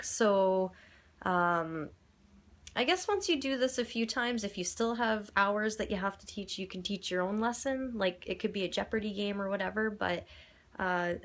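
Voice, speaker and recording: A woman's voice: medium pitch, unhurried. A young woman teacher casually explaining a classroom lesson, chatty, with many fillers and acted-out classroom prompts. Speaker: English teacher.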